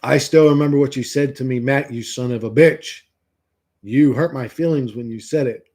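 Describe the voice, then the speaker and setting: A man's voice: medium pitch, moderate pace, a little mellow. A man hosting a livestream, chatting casually with viewers in a rambling, profane, joking way. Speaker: livestream host. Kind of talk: casual chat reading viewer comments.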